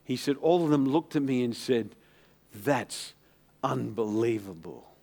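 A pastor preaching a sermon, telling stories and calling out for the congregation to answer back. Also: male voice, medium pitch, brisk, warm tone. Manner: storytelling preacher, calls for congregation responses.

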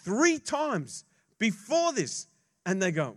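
A male pastor preaches a sermon, swinging from hushed asides to loud emphasis and joking casually with the congregation. His mid-range voice has lively intonation and moves a little slowly.

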